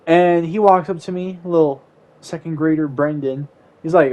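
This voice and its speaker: A man's voice: on the high side, moderate pace, a little mellow, lo-fi sound. A young man casually telling a story time while gaming, rambling with lots of "like"s. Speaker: YouTuber.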